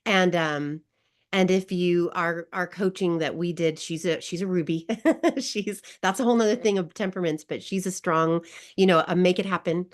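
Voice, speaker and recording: A woman's voice: fairly low pitch, steady tone, moderate pace. A woman guest coach who tells a personal story in an online wellness class, emotional and laughing often. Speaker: grief recovery guest coach.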